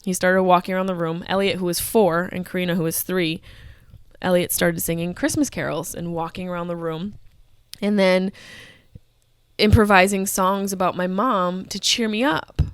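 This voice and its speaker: A woman's voice: on the low side, fairly even intonation, moderate pace, clear, resonant tone, dry recording, studio quality. A woman in her thirties telling a personal story as a podcast host, candid, emotional and full of swearing. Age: 30s.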